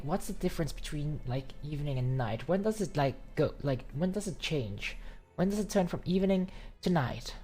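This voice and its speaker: A young woman chatting casually on a game stream, rambling and giggling with lots of fillers. Her voice is low for a woman. Faint music plays behind her. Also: a little mellow, breathy edge.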